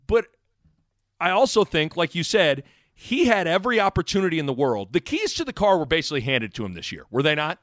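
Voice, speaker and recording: A man co-hosting a casual sports podcast, his voice sitting a bit high and swinging widely in pitch. He rambles and restarts his sentences. The sound is dry and close. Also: fairly quick, dry recording. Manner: rambling, self-correcting, animated. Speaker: podcast co-host.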